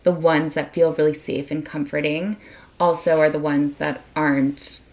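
A woman's voice: sits low, flat delivery, moderate pace, darkish tone. A tipsy young woman chatting earnestly on a podcast, rambling and fond of big words. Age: young adult. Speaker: podcast guest, host's friend. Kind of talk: casual podcast chat.

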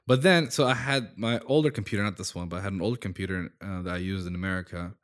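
A young man in casual chat, telling stories in a relaxed, friendly way. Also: low-pitched, fast. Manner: relaxed storytelling with friendly banter.

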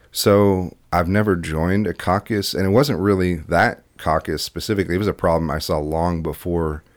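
Deep-voiced man in a dry, close recording. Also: no room sound. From Iowa. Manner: rambling, many fillers and restarts. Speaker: podcast guest, political candidate. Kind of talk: casual interview chat.

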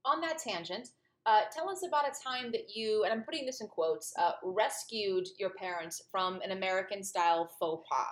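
A woman's voice: mid-range voice, normal speed. A woman hosting a podcast who asks questions casually and rephrases herself as she goes. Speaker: podcast host. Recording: roomy echo.

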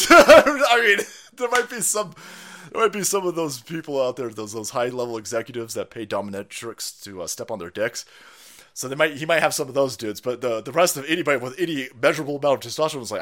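A man's voice: fairly high pitch, animated, fairly quick, bright, forceful tone. A man hosting a stream, ranting in profane commentary, laughing and mocking people in put-on voices. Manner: foul-mouthed, laughing, mocking impressions. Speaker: streamer host.

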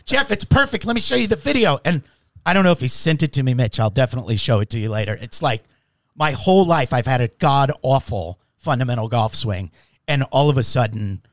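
A male podcast host with a very animated, up-and-down delivery tells a joking story. His voice sits mid-range and the studio sound is dry and close. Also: mid-range voice, fairly quick, no echo. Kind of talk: casual podcast chat.

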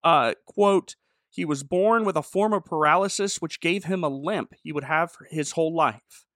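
A slightly high-voiced man recaps scenes in a lively, chatty way, slipping into the characters' voices as he goes. The sound is dry and close, with no room around him. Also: moderate pace, no echo. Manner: animated, voices characters in quoted dialogue. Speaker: podcast co-host and pastor. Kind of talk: casual review chat.

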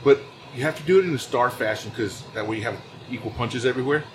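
A man's voice: mid-range voice, quick pace. A Texan man in a laid-back chat, often chiming in to agree. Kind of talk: casual chat. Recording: clear background noise.

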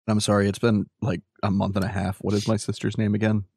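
A man's voice: lowish voice, flat delivery, fast talker, creaky, a little mellow, slightly rough, no echo, clean studio sound. A man playing a tabletop game, chatting casually and laughing often. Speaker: player.

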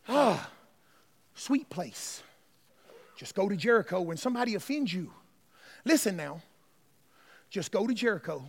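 A man's voice: sits high, big pitch swings, unhurried, pauses often, pushed and bright, long reverb tail. A male pastor preaching a sermon, emphatic and repetitive, calling out to his congregation. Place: church sanctuary.

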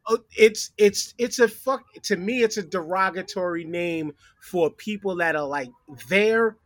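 A man's voice: high-pitched, a little slow, no echo, clean studio sound. A man talking as a podcast guest, opinionated and profane, explaining his view at length. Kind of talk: casual sports chat.

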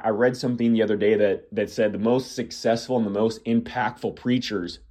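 A man's voice: lowish voice, a little mellow. A man hosting a podcast, preaching earnestly to the listener with emphatic, repeating phrases. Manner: earnest, addresses listener as "my friend". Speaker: podcast host. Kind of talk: preaching monologue.

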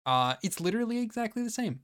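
A man hosting a podcast, retelling a movie scene by scene in a casual, profane and animated way. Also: high voice, fast. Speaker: podcast host. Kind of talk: casual movie review chat.

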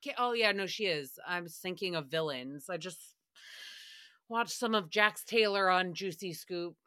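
A woman's voice: fairly low pitch, unhurried, sharp tone, no room sound, clean studio sound. A woman hosting a casual solo recap podcast, ranting in a sassy, profane way and slipping into mock voices for quotes. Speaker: podcast host.

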